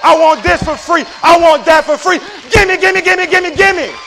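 A man's voice: extremely high pitch, fairly quick, big-room sound, pitched above the performer's own voice. A man voicing a greedy, whining crowd of wanderers who nag and demand things for free. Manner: loud, nagging, childish demanding.

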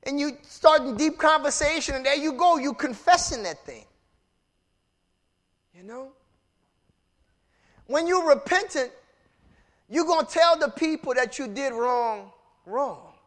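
Animated high-voiced preacher man. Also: unhurried, long pauses. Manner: animated preaching, rising to shouts and dropping low. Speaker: pastor. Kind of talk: sermon.

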